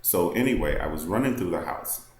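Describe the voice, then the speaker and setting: Very deep-voiced man telling his story. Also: lively intonation, brisk, reverberant. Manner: candid, rambling, heavy with "like" and "um". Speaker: vlogger. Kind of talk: personal storytelling to camera.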